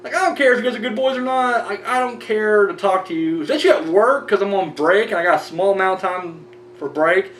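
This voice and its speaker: Speaking a little fast in a high, somewhat bright voice, this horror review show host rambles and rants casually with plenty of profanity. He often restarts his sentences, and a distant, roomy mic picks up a faint hum.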